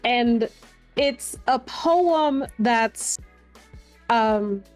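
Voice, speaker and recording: A woman's voice: a little high, animated, extremely slow, a little mellow, soft background music. A woman guest on a podcast, chatting casually and laughing often as she tells a story, with many fillers. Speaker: guest streamer and artist.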